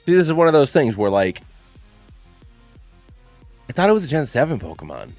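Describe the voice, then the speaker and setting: A man's voice: medium pitch, very animated, normal speed, darkish tone, no echo, faint music behind. A young man hosting a channel, talking through his picks in a rambling, playful way, with lots of fillers. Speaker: channel host. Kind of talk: casual gaming commentary.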